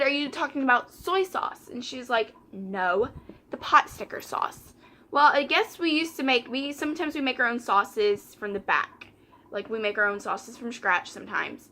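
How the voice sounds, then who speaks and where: A woman's voice: high-pitched, pushed and bright. A young woman, chatting casually while doing her makeup and retelling a story by quoting customers and coworkers. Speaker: vlogger.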